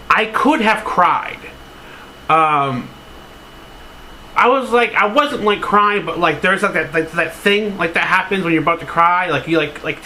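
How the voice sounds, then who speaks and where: A man's voice: high voice, sharp tone, a little hiss or hum, low-quality recording. A man vlogging casually, rambling through a sentimental story with lots of "like" fillers and casual swearing. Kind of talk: casual to-camera vlog.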